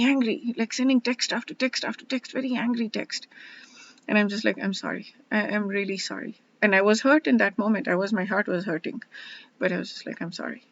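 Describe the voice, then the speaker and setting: A woman hosting her own verse-by-verse study, talking earnestly and haltingly with many restarts as she reflects and explains. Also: medium pitch. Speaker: host studying scripture one verse a day. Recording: dull lo-fi sound.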